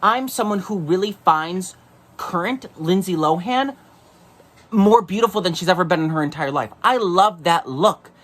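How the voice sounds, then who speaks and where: A man hosting a casual solo monologue. He is campy and swears freely, and sometimes breaks into shrill mock voices. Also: animated, normal speed, fairly bright tone. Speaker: podcast host.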